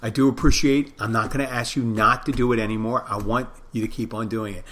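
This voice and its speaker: A man's voice: medium pitch, steady tone, quick pace, a bit bright. A middle-aged man with a Philadelphia accent hosting a podcast alone, rambling through casual, profane asides about himself. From Philadelphia area. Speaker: podcast host. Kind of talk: casual solo monologue.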